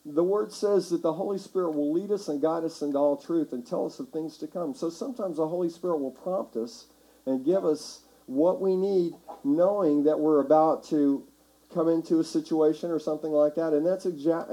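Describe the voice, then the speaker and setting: A man preaching a sermon as pastor, talking conversationally and building to shouts for emphasis. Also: a little high, moderate pace, low-quality recording. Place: church sanctuary.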